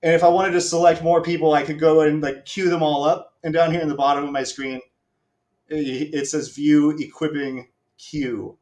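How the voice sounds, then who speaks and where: A man's voice: a little high, little pitch movement, moderate pace, a little mellow, roomy sound. A man hosting a live stream, casually walking viewers through a game demo with self-mocking asides and the odd swear. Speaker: stream host.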